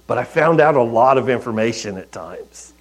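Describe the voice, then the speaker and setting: A man preaching a sermon in a conversational, storytelling way, with soft asides. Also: medium pitch, lively intonation, normal speed, rough recording. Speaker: pastor.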